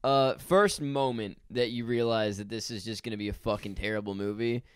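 A man's voice: on the low side, moderate pace, clear, resonant tone, dry recording, clean studio sound. Exasperated young man ranting about a movie. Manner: exasperated storytelling, heavy swearing. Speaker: podcast co-host. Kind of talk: casual movie review chat.

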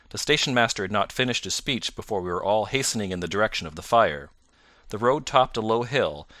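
A man reading a classic story aloud as an audiobook narrator, his voice fairly low but bright and forceful. He keeps a steady, clear storytelling pace. The recording is close and dry with no room sound. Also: no room sound. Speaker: audiobook reader. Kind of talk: scripted narration.

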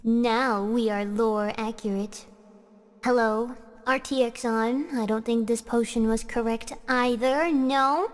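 A woman's voice: fairly high pitch, steady tone, slow pace, in a large hall. A woman streaming in a playful, hammy way, with squealing outbursts and mock drama. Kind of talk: playful livestream chat.

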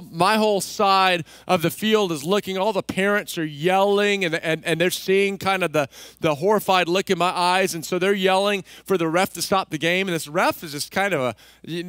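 A male pastor from Texas preaching a sermon, telling a story with lively delivery and acting out the voices of people in it. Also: high voice, dry recording. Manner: animated, acts out voices in his stories. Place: church stage.

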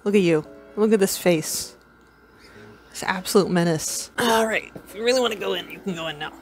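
A woman's voice: mid-range voice, a little fast, soft background music. A woman vlogging casually, cooing at and playfully scolding her pet rabbit, laughing often.

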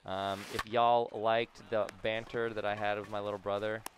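A young man casually commentating his own video game play, rambling between topics and breaking into sudden loud cheers. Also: lowish voice, little pitch movement, normal speed, background noise. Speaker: gaming YouTuber.

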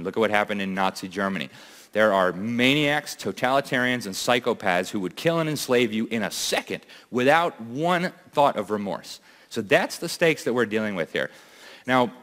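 A man speaks from a stage to a conference crowd, urgent and emphatic, firing off rhetorical questions. His voice sits fairly low. The sound rings with the long reverb of a big hall. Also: fairly bright tone. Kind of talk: impassioned speech to a live audience. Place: large event hall.

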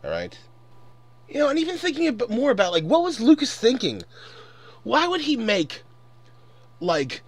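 A man's voice: high-pitched, fairly bright tone, husky, dry recording. A man in his twenties ranting angrily and profanely in a casual commentary. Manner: angry, profane, exasperated. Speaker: vlogger.

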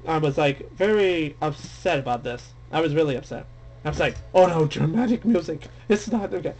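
A young man commenting casually on a game he plays, excitable and dramatic, mocking himself, with game music behind. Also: a little high, fairly quick, slight background noise. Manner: excitable, dramatic, self-deprecating. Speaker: let's play gamer. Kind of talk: casual game commentary, reading dialogue aloud. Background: faint game music.

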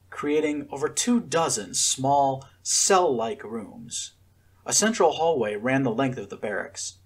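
A man narrating a fiction chapter with expressive storytelling. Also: medium pitch, slightly rough. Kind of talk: audiobook fiction reading.

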